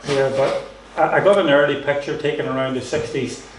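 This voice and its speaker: In an echoey gospel hall with the mic at a distance, a Northern Irish man interviews a guest conversationally, prompting with friendly questions and many fillers. His voice sits on the high side, fairly even in intonation and a little fast, with slight background noise.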